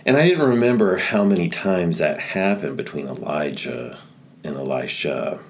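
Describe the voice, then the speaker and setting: Man, very low voice, podcast co-host, casual talk, enthusiastic and reflective. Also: animated, moderate pace, vocal fry, slight background noise.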